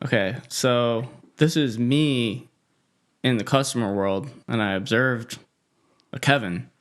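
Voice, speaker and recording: Man, podcast co-host, casual chat, animated storytelling, laughs a lot, mid pitch. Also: takes it slowly.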